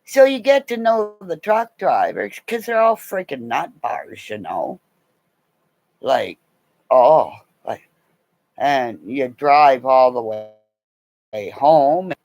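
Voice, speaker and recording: A woman's voice: very deep voice, sing-song, takes it slowly, long pauses, darkish tone, dry recording, dull audio. A middle-aged woman telling a meandering personal story in a casual way, laughing often and swearing freely.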